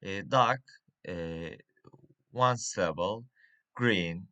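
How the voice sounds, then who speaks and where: Slow, halting man with a bright voice. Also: medium pitch, expressive, dull audio. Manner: slow and halting, with many fillers and restarts. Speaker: English teacher. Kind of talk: reading a pronunciation lesson.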